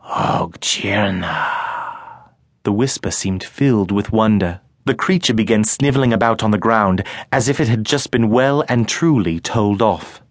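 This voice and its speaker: A man narrating a children's audiobook in a measured storytelling manner. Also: lowish voice, dry recording. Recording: dry studio recording.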